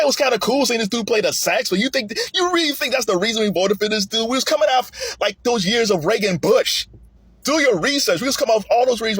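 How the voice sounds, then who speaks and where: A man giving a casual political commentary monologue, animated and often restarting his sentences. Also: husky, no echo. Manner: animated, rising high when emphatic, with frequent restarts. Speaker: commentary vlogger.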